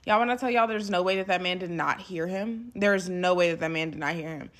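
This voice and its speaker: A young woman casually telling a personal story to her viewers, emphatic and animated, with frequent asides. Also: on the low side, fast. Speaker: storyteller recounting a past relationship.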